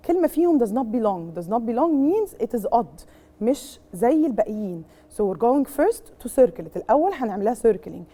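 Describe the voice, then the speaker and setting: A woman's voice: fairly high pitch, dark tone. A woman with an Egyptian accent teaching an English revision lesson, explaining each point in English and then in Arabic and quizzing her pupils as she goes. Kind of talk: bilingual exam revision lesson.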